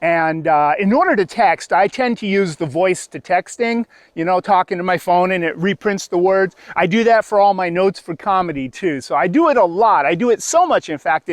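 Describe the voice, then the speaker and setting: A male stand-up comedian with a high voice tells a rambling story, jumping into the voices of the people in it. The sound is dry and close, with no room around it. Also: expressive, moderate pace, hardly any pauses, no room sound. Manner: acts out characters with sudden high-pitched voices.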